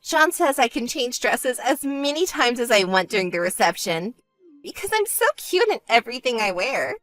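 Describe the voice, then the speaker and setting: A woman voicing a vain, self-centered young woman who talks in a smug, whiny way and turns shrill when angry, in an animated story. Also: moderate pace, no echo, soft background music. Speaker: bride-to-be sister.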